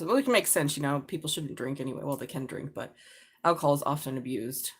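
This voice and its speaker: Chatty, low-voiced woman reading tarot. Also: expressive, fast talker, husky. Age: middle-aged. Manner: chatty, swears casually, laughs often. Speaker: tarot reader. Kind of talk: live tarot reading, casual chat.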